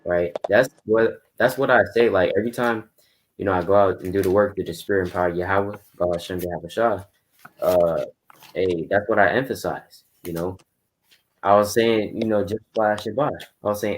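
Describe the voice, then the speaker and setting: A man preaching casually in a Bible study, telling stories of his street outreach in quick bursts. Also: deep voice, fairly even intonation. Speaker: Bible teacher.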